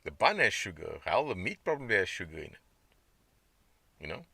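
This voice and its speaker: A man's voice: sits low, very animated, fairly quick, gravelly, pushed and bright, slightly rough, dry recording. A man hosting his own podcast, talking in a rambling, conversational way and reacting to chat comments. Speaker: podcast host. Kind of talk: casual diet podcast monologue.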